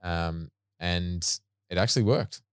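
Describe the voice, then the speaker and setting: A man with a very deep, resonant voice chats casually as a podcast co-host. He tells stories at an easy pace. His voice sounds dry and close to the mic. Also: slow pace, clean tone, dry recording. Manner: relaxed storyteller, acts out quoted voices. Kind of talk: casual chat.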